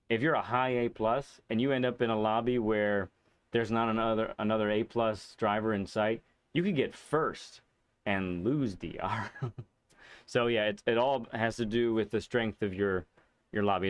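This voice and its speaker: A laid-back man hosts a live game stream, answering chat in a loose, meandering way with plenty of fillers and soft chuckles. His voice sits somewhat low. The sound is close and dry, with no room around it. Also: clear, resonant tone, dry recording. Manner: relaxed and rambling, with many fillers and chuckles.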